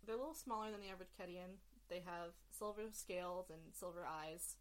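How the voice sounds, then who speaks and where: A woman's voice: fairly low pitch, fairly quick. A woman narrating as game master of a tabletop game, rambling and full of fillers as she explains the rules.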